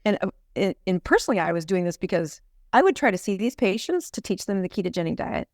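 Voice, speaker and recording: Brief: middle-aged woman doctor, lively storyteller who laughs a lot, mid pitch, dry sound. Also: fast talker, dry recording. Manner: animated storyteller, laughs often. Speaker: physician and podcast guest. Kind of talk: storytelling in a podcast interview.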